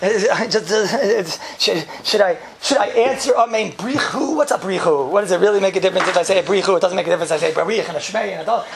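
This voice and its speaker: Fast-talking gravelly man teaching. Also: sits high, crowd noise. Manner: joking, chuckles often, rhetorical questions. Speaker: yeshiva teacher giving a class. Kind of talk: informal lecture with jokes.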